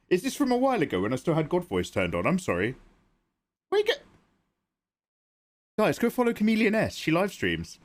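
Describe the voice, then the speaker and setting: A man's voice: medium pitch, wildly swooping pitch, brisk. A man livestreaming his digital drawing, rambling and joking as he talks to his chat. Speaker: art livestreamer.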